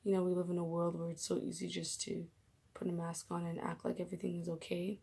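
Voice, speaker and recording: A woman's voice: lowish voice, completely flat delivery, fast talker, vocal fry, dark tone, husky. A young woman vlogging casually about her faith, emotional and gushing, often dropping into whispers.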